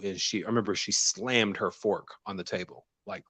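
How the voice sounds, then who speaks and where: A low-pitched man from the American South, a guest in casual conversation, tells stories in a relaxed way at a moderate pace and laughs often. There is no echo on the recording.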